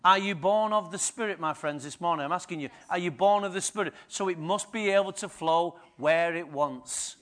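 A man pastor preaching a sermon, firing rhetorical questions at the congregation and swinging between quiet and loud. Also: high voice, moderate pace, few pauses.

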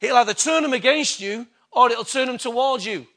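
Guy preaching, high bright voice, keeps asking the crowd questions. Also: a little fast. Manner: emphatic, rhetorical questions to the congregation. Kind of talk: sermon.

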